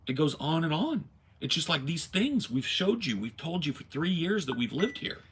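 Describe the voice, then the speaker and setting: A man hosting a casual talk show, telling stories with animated ranting and acting out phone calls. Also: a little high, moderate pace, slight background noise. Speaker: podcast host. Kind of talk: casual storytelling chat. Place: home.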